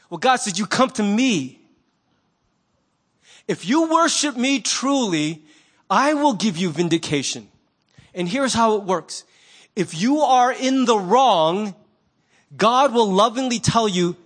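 High-voiced pastor preaching conversationally. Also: male voice, moderate pace. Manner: conversational and animated, acting out little quoted voices. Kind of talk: sermon.

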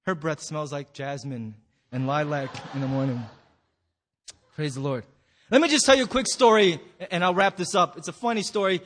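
A man's voice: fairly high pitch, moderate pace, a bit bright, a little hiss or hum. A man preaching as a pastor in a church hall, telling a story with playful acted-out quotes. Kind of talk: sermon.

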